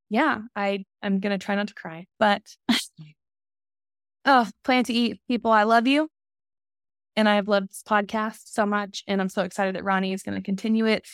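Chatty young woman with a gravelly edge. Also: medium pitch, no echo, studio quality. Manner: chatty, filler-heavy, warm and emotional in farewell. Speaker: podcast co-host. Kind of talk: casual chat.

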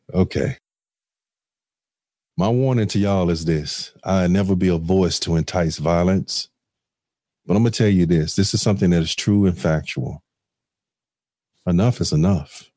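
Deep husky-voiced man, impassioned. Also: a little slow, pauses often, warm tone, no echo, studio quality. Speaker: podcast co-host. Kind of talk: impassioned commentary.

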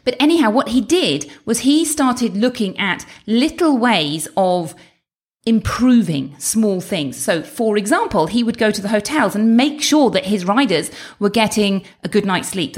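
A woman's voice: mid-range voice, animated. Woman, weight-loss coach, chatty and encouraging direct-address delivery. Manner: chatty and encouraging, with asides and quick self-corrections.

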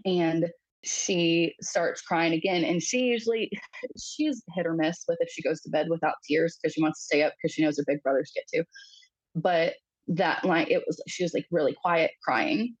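A woman in her thirties sharing a personal story as a podcast guest, talking haltingly with many fillers and acting out the quoted voices. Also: sits low, steady tone, breathy edge, dry recording, poor audio.

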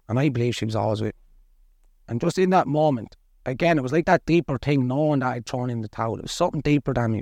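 A middle-aged Irish man speaks plainly and earnestly as a guest, his words blunt and everyday. His voice sits at an ordinary male pitch. It is recorded close and dry, with no room sound. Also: gravelly, a little mellow, no echo. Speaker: podcast guest. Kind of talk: candid personal storytelling.

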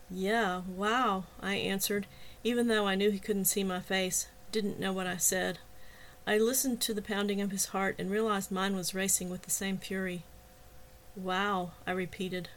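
A woman author reading her own novel aloud in a measured, softly expressive audiobook narration. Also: mid-range voice.

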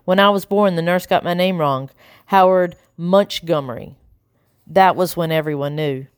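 A woman voicing a nervous, secretive boy who speaks in hushed, pleading tones. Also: lowish voice, moderate pace, clean tone, dry recording, clean studio sound, lightly acted. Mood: somber.

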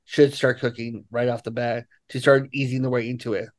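A man's voice: mid-range voice, level tone, brisk, dry recording. A man hosting a food podcast, asking questions and cracking playful jokes in casual chat. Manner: joking, playful banter. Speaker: podcast host.

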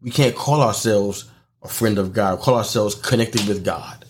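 A middle-aged man with a somewhat low voice preaches in a relaxed, conversational way. He speaks to his listeners directly and asks them rhetorical questions. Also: moderate pace, slight background noise. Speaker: podcast host and preacher. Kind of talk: podcast sermon.

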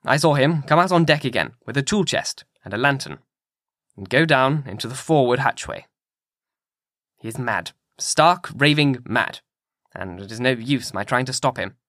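A man reading an audiobook in a measured, grave manner. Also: medium pitch, animated, a bit bright, no room sound, studio quality. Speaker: audiobook narrator.

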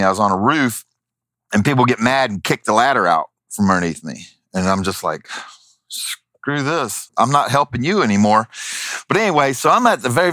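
A man's voice: medium pitch, no room sound. A man telling a story in casual chat, acting out the voices of the people in it. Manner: animated, acts out voices in his anecdotes.

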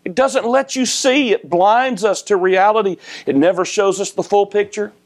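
A male pastor preaching a sermon. His voice climbs high and loud for emphasis, then sinks low and soft. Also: moderate pace.

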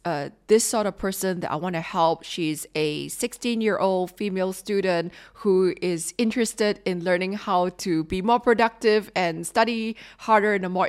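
A woman hosting a podcast, giving earnest, conversational advice and asking herself questions as she goes. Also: mid-range voice. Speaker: podcast host. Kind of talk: casual advice talk.

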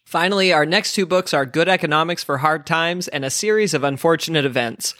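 A man's voice: fairly high pitch, moderate pace, sharp tone, no echo. Guy cohosting a jokey book podcast, sarcastic, keeps cracking up, dry mic. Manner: sarcastic, laughs often. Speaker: podcast co-host. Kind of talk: casual comedic book podcast.

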